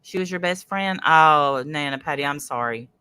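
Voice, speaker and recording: A woman's voice: sits low, normal speed, bright, forceful tone, clear, resonant tone. A woman hosting a casual livestream, rambling and greeting viewers in chat. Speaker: host.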